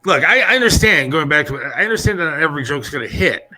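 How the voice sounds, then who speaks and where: A middle-aged man hosting a podcast, telling rambling, animated stories in casual chat. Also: a little high, quick pace, poor audio. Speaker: podcast host.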